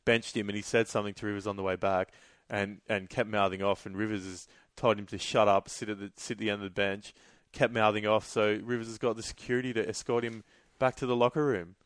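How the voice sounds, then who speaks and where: Chatty man, lowish voice. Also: fast, few pauses, no room sound, clean studio sound. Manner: chatty, animated, swears casually. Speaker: podcast co-host. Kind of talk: casual sports chat.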